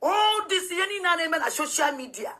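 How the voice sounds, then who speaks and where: Nigerian woman commentator, high sharp voice, animated heated rant. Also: brisk. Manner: animated, ranting, mixing languages. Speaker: online commentator.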